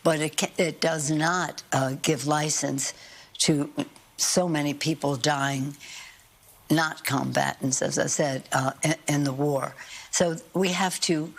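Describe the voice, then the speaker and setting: An older woman giving measured, halting interview answers, with frequent fillers and restarts. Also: sits low, fairly even intonation, creaky. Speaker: guest politician.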